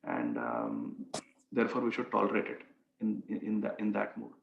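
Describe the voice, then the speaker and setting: A man teaching scripture, chanting Sanskrit verses slowly and then explaining them with emphasis. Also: on the low side, sing-song, gravelly, slight background noise. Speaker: spiritual teacher. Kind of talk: scripture lecture with Sanskrit recitation. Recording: echoey, slightly muffled room recording.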